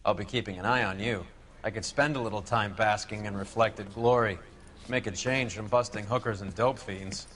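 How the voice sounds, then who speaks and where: Casting: male actor as smug vice cop, lowish voice. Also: steady tone, moderate pace, long pauses, fairly bright tone, natural voice. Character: cocky, slick male vice detective. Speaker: vice detective.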